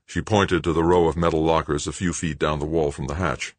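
A man with a very deep, husky voice reads an audiobook in a steady, measured way. The recording is close and completely dry, with no room sound. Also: dry recording. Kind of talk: audiobook narration.

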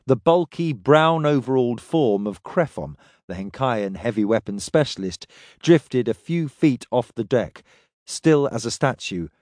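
A man reading a science fiction story aloud in steady, descriptive narration. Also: medium pitch, no room sound, clean studio sound. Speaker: audiobook narrator.

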